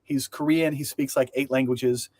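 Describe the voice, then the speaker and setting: A man's voice: mid-range voice, steady tone, moderate pace, darkish tone, no room sound. Joking man co-host on a dry mic. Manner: rambling, joking, self-correcting. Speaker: podcast co-host. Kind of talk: casual discussion.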